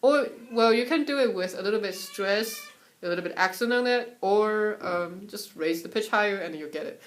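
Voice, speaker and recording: A young woman from Taiwan giving a casual, chatty lesson on Mandarin tones at home, sometimes singing syllables to show the pitches. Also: normal speed. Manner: relaxed, chatty, breaks off to soothe her cat; sings syllables and solfege to demonstrate tones. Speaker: Mandarin tone teacher.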